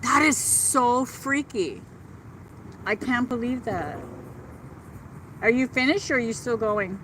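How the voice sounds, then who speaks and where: Walking through a park with her phone in hand, a middle-aged woman hosts a casual livestream, chatting and gushing as she answers viewers. Her fairly high, slightly bright voice is animated but unhurried, on a rough recording with a little hiss or hum.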